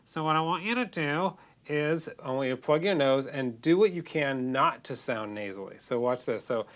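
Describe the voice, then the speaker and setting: A man's voice: medium pitch, lively intonation, moderate pace, fairly bright tone. A man with a congested, nasal voice, teaching singing in a loose, casual lesson full of restarts. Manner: loose, demonstrating, self-correcting.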